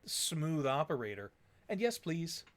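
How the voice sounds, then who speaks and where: A man's voice: a little high, very animated, measured pace. A man voicing an affectionate, teasing middle-aged wife. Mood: fond.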